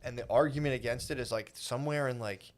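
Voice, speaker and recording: A man's voice: medium pitch, fast talker. A man co-hosting a podcast in casual comedic chat, laid-back and calling people "dude.". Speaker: podcast co-host.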